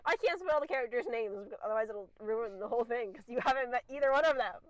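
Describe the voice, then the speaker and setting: A woman's voice: on the high side, lively intonation, fairly quick, no echo, poor audio. A young woman co-hosting a podcast, gushing about books with stammers and giggles. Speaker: podcast co-host. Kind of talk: casual book chat.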